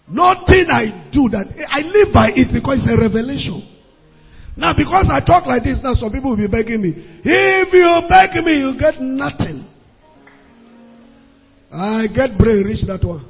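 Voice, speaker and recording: High-voiced preacher, husky. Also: male voice. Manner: emphatic, repeats words for stress, sometimes loud and rising. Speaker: pastor. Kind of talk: sermon. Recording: muffled sound with long hall reverb, faint music.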